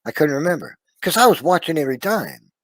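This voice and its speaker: A man telling an emotional personal testimony, earnest and confiding, often trailing off softly and checking in with his listener. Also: on the high side, very animated, fast talker, no echo. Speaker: storyteller sharing a personal testimony.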